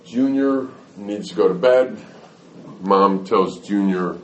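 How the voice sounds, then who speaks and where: Lowish voiced guy talking to a crowd about parenting, folksy, echoey hall, mic kinda far. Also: takes it slowly, dull audio, a little hiss or hum. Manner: folksy, explains with acted-out scenes. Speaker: speaker on parenting. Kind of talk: talk to an audience.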